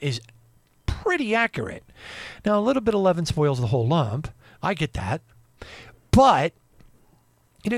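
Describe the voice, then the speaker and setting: Animated, indignant male radio host. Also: a little high, dry recording. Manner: animated, indignant, swings between loud and quiet. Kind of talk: ranting monologue.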